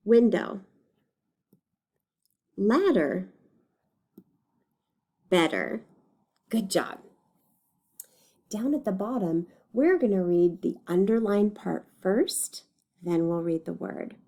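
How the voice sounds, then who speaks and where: Slow, patient woman teaching reading. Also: medium pitch, animated, warm tone. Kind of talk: reading lesson for young children. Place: recorded lesson video.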